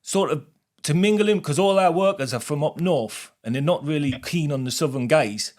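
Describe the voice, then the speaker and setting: High-voiced man making a prank call. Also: normal speed, darkish tone. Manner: straight-faced fake recruiter, teasing. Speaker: podcast host. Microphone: podcast studio mic.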